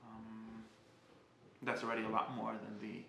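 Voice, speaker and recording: A man giving a casual spoken class, halting and often restarting as he searches for words. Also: on the low side, flat delivery, gravelly, reverberant, noisy background. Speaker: teacher.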